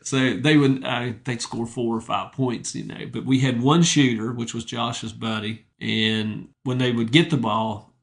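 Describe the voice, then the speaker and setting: A man's voice: medium pitch, fairly even intonation, measured pace, vocal fry, hardly any pauses. A middle-aged man, a retired wrestling coach, telling humble, straightforward stories in a casual interview. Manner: humble, straightforward, rambling anecdotes.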